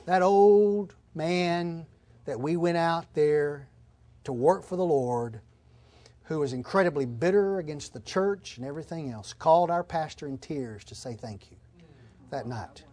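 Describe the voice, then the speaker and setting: A man's voice: on the high side, lively intonation, a little slow, dark tone. A man preaching a sermon in an earnest, emphatic way, repeating his key phrases. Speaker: pastor.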